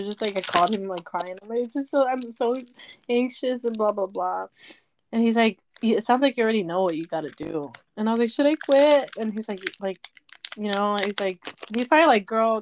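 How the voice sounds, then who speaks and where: A woman's voice: medium pitch, dry recording. Young woman in her twenties, confessional podcast host, rambling and candid, on a dull dry recording. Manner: rambling, candid, lots of fillers and apologies. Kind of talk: casual personal monologue.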